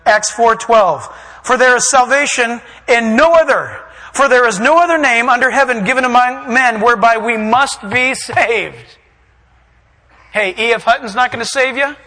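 A man preaching a sermon, reading verses and acting out scenes with shouts and put-on voices. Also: very high voice, moderate pace, big-room sound, rough recording. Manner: animated, acts out voices and shouts for emphasis.

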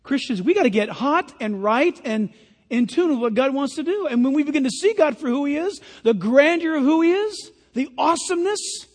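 A man's voice: very high-pitched, lively intonation, a little fast. A male pastor preaching a sermon in a church, earnest and emphatic, putting direct questions to the congregation. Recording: long hall reverb.

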